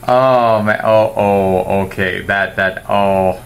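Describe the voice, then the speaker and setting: A man hosts a playful improv bit at home, gushing with exaggerated wonder. His voice leaps from low murmurs to high squeals and hushed whispers, and he draws his words out slowly. A faint steady hum sits behind him. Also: creaky. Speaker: family channel host. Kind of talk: comic improv about a spinning die.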